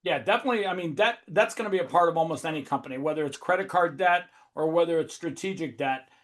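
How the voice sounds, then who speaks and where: A man hosting a webinar, talking in a profane, high-energy, emphatic way. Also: quick pace, a bit bright. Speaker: host. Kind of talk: casual webinar talk.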